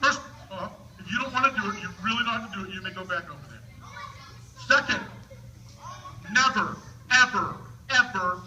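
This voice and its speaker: A man's voice: high voice, moderate pace, pauses often, bright, forceful tone, distant mic, dull audio, a little hiss or hum. A man from the northern United States presenting a comedic science show for schoolchildren, playful and teasing like a showman. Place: school auditorium with a live audience. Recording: echoey hall recording.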